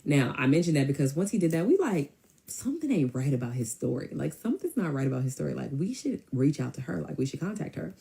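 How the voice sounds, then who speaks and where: A woman telling a personal story in a casual, animated way, with emphatic asides. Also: low-pitched, gravelly. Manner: animated, emphatic, quick to mimic others.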